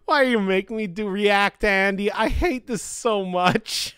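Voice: mid-range voice, unhurried, fairly bright tone, clear, resonant tone, no room sound, studio quality. A live-streamer chatting casually, grumbling in exasperation, cursing, and laughing often. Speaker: livestreamer.

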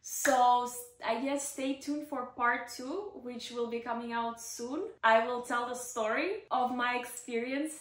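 This is a woman vlogging in a casual, chatty storytelling voice that sits a little on the high side. She talks with excitement and scatters "like" through her sentences. The room around her gives the sound a noticeable echo. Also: unhurried, hardly any pauses. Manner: chatty, excitable, many "like" fillers. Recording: roomy echo.

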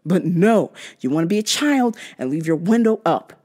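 A young woman rants through her customer stories with a lively voice that climbs and drops constantly. She swears freely and sounds fed up, and she switches into squeaky voices to imitate people. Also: moderate pace. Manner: profane, exasperated storytelling; animated, mimics others in high-pitched voices. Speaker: podcast host. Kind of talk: ranting storytime.

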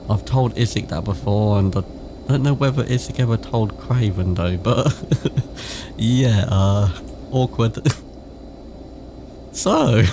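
Against background noise, this man's gravelly voice sits on the low side as he delivers casual let's-play commentary. A gaming YouTuber from England with a British accent, he swears freely and reads in-game text aloud in a chatty way.

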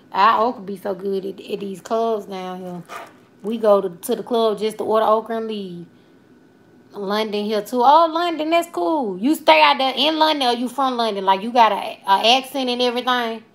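A woman in her twenties from Alabama with a Southern accent, chatting loosely and playfully with viewers on a livestream as she reads out their comments. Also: mid-range voice. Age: 20s. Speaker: comedian and livestream host. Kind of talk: casual livestream chat reading viewer comments.

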